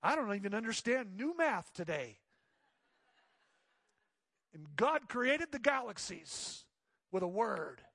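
Male pastor, higher voice, dry close sound, animated sermon storyteller who acts out quotes. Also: slow pace, gravelly, long pauses, husky, no room sound. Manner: drops to soft pleading tones.

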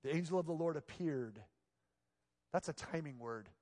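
A male pastor preaching a sermon, moving between hushed, intimate passages and loud, emphatic exclamations. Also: fairly high pitch, lively intonation, normal speed. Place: church sanctuary. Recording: long reverb of a large church hall.

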